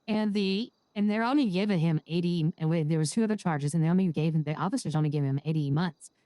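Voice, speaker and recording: A woman's voice: fairly low pitch, fast talker, dark tone, no room sound. A woman playing a new lawyer in an online roleplay, talking in a hesitant, rambling way with many restarts. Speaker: lawyer character in a roleplay server. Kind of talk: casual in-character chat.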